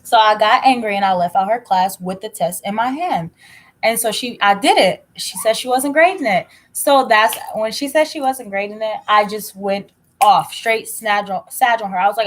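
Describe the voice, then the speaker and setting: A young woman chats casually, telling a story from her own life. She talks bluntly and with lots of life, swearing freely along the way. Her voice sits at a middle pitch. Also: moderate pace, rough recording. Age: young adult. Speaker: tarot reader telling a story.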